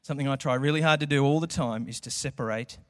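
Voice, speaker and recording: A man's voice: mid-range voice, fast talker, fairly bright tone. A man preaching a sermon in a church, conversational and acting out quotes. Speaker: pastor. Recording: echoey hall with long reverb.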